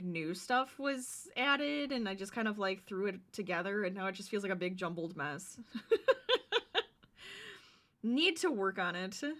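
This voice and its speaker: Bubbly bright-voiced woman streamer. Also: medium pitch. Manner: bubbly and giggly, chatting to viewers. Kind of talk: casual chat while crocheting on stream.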